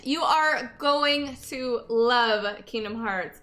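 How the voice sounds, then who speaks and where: Young woman, high bright voice, bubbly casual stream chat, sleep-deprived, faint music behind. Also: animated, normal speed. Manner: bubbly, laughs often, reads chat aloud.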